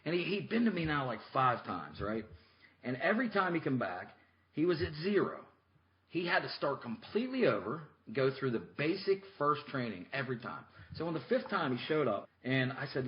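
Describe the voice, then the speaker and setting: A man's voice: mid-range voice, very animated, fairly quick. A man co-hosting a podcast, telling a coaching story in a blunt, chatty way with lots of restarts. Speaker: podcast co-host and motocross coach. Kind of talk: casual chat. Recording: muffled lo-fi podcast audio.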